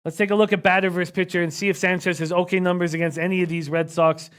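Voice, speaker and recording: A man hosting a live sports betting stream, rattling off odds and stats in a quiet, close voice and reading out viewers' chat comments. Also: high voice, little pitch movement, clear, resonant tone. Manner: rapid stat-heavy rundown, reads out chat comments; speaks quietly, close to the mic.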